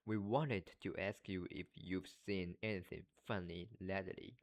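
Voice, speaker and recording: Man reading a sensible schoolgirl, brisk and weary, low-voiced. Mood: earnest. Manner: hurried, weary.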